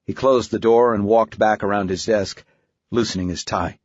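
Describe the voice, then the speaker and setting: A man narrating an audiobook in a steady, even storytelling manner. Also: lowish voice, normal speed, no room sound. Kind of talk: scripted narration. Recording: dry, slightly dull studio audio.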